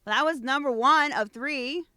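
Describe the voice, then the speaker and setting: A woman's voice: sits high, normal speed, sharp tone, dry recording, soft background music. A woman hosting a casual unboxing video, reading card text aloud between gushing asides. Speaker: VTuber host.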